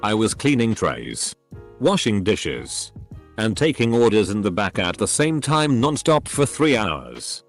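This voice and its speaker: Lively low-voiced male story narrator. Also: a little slow, soft background music. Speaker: narrator reading online posts. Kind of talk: scripted narration.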